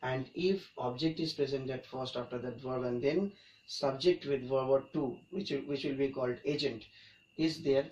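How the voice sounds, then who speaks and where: A man's voice: medium pitch, moderate pace, darkish tone. A man teaching an English grammar lesson, explaining each point and repeating it for emphasis. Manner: repetitive, emphatic explaining with restarts. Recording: echoey room, mic at a distance, faint background noise.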